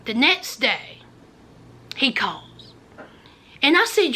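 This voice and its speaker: Extremely slow yet very animated, this woman's high, sharp voice carries a dramatic personal story for her vlog. She's from rural Virginia and speaks directly to her viewers as friends, sometimes whispering.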